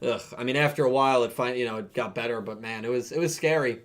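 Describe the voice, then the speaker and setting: A man's voice: mid-range voice, fast talker. A man co-hosting a podcast, chatting casually and thanking viewers in an upbeat way. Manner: upbeat, reads out chat thanks. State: recovering throat. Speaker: podcast co-host.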